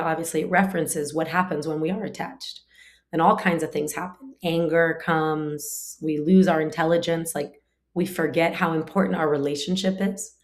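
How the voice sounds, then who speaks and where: Woman, lowish voice, spiritual teacher, chatty class talk, lots of filler words. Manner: conversational, frequent 'like' fillers; explains through everyday family examples. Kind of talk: casual scripture class.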